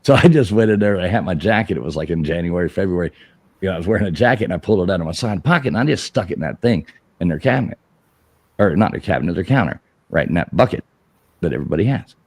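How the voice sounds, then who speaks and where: A middle-aged man telling a rambling, profane story on a live show, laughing as he goes and shouting out the lines he quotes. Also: low-pitched, expressive, racing, dry recording. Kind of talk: casual live-stream storytelling.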